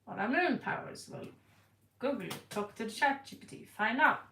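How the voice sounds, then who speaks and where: A woman's voice: a little high, lively intonation, normal speed, sharp tone, a little hiss or hum. A woman giving a casual tarot reading to camera, blunt and playful, laughing and repeating words for effect. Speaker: tarot card reader. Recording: echoey room, voice distant from the mic.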